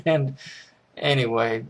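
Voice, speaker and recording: A man's voice: mid-range voice, drawn-out words, background noise. A man casually recapping a movie's plot in a rambling way, restarting sentences and chuckling as he goes. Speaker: movie reviewer.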